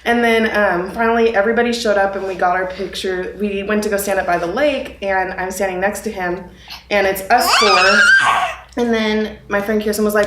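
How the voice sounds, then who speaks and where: A young woman telling her engagement story in a casual, animated way, laughing now and then. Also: medium pitch, normal speed, roomy sound, background noise. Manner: animated, laughing as she retells the day.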